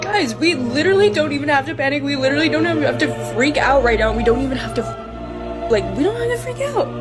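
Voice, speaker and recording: A woman's voice: sits high, animated, quick pace, over music. A woman talking frantically and in an exaggerated way in a social media video.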